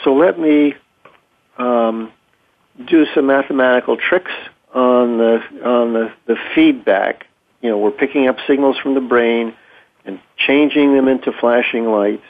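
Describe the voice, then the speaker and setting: Measured man on a tinny line. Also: mid-range voice. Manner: thoughtful, measured, with frequent ums and pauses. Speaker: interview guest, clinician. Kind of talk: conversational explanation. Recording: tinny phone-like audio.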